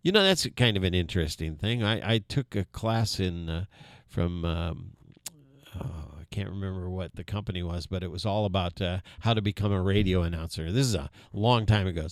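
A man's voice: sits low, a little fast, dry recording, clean studio sound. A man in his sixties hosting a local radio show, talking casually with many fillers and folksy asides. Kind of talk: casual on-air talk.

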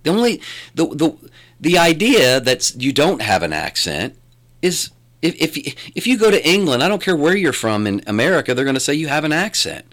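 A man's voice: on the high side, normal speed. A middle-aged man with a West Virginia accent, talking as an interview guest in a rambling way with many restarts. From born in Louisiana, raised in West Virginia. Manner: rambling, animated, restarts often. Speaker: guest, filmmaker and radio announcer. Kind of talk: conversational interview.

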